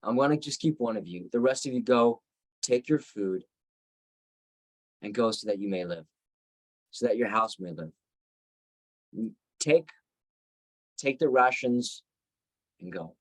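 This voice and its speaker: A man's voice: medium pitch, expressive, a little slow, long pauses, pitched below the performer's own voice. A man voicing an ancient male ruler, stern yet guilt-stricken, giving firm, weighty commands. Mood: grave.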